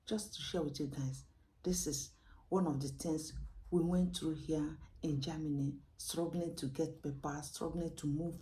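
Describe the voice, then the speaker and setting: A woman with a Nigerian English accent telling a personal story in a vlog, emotional and animated, sometimes dropping to a whisper. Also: sits low. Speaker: vlogger.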